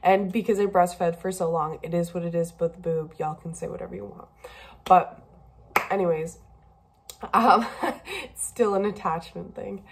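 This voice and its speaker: A woman's voice: lowish voice, steady tone, normal speed, vocal fry, a little hiss or hum. A young woman talking candidly in a personal video diary, emotional and a bit rambling, tearful at times. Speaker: vlogger.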